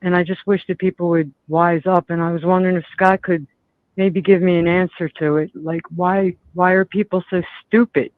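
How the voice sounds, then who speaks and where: A woman's voice: on the low side, fairly even intonation, normal speed, no room sound. A woman with a Philadelphia–South Jersey accent calling in to a show, earnest and plain-spoken. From South Philadelphia, United States. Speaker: caller. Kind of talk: phone-in caller. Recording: tinny phone line.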